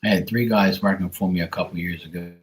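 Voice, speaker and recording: A man's voice: low voice, quick pace, low-quality recording. A middle-aged man hosting a livestream, chatting casually and greeting viewers by name. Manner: relaxed, chatty, reads out viewers' names. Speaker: tarot reader on a livestream.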